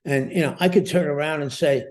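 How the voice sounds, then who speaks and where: A man in his seventies from the United States, a veteran guest telling stories in an interview with a lively, chuckling manner. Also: a little high, a little fast. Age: 70s. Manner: lively, chuckling storyteller who repeats words as he goes. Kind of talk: storytelling interview.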